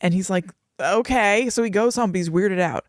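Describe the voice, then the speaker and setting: A woman co-hosts a podcast in casual chat, retelling a story and slipping into the voices of the people in it. Her pitch sits in the middle, and the recording is dry and close. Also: normal speed, dry recording. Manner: chatty, laughing, acts out quoted voices. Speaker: podcast co-host.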